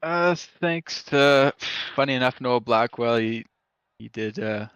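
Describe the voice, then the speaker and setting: A man's voice: mid-range voice, slow pace, fairly bright tone, clean tone, no echo. A man from Canada giving a post-race interview as a driver, hesitant and full of fillers, over voice chat. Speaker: racing driver being interviewed. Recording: dull, lo-fi voice chat.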